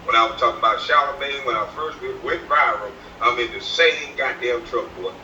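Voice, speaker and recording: A man rants casually from inside his truck, cursing, taunting and laughing between jabs. His voice is bright and sharp but sits away from the mic, in a roomy, echoey space with a dull, muffled sound. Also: medium pitch, a little fast, far from the mic, a little hiss or hum. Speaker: vlogger. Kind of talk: casual ranting commentary.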